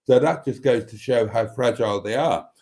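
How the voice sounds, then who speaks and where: A man's voice: medium pitch, moderate pace, creaky, a little mellow. A man hosting a livestream, casually reading viewer comments aloud in a chatty, amused way. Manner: chatty, amused, laughs often. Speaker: livestream host.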